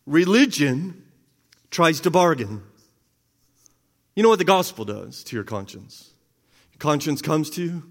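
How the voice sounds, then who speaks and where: A man's voice: a little high, big pitch swings, unhurried, long pauses. A man preaching a conversational sermon, asking his listeners questions and often repeating his words. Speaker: pastor. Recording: long reverb of a large hall.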